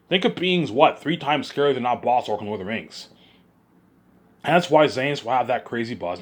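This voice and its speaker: Hyped man rambling in circles. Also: fairly low pitch. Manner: hyped, repetitive, keeps circling back. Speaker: vlogger. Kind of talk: rambling monologue.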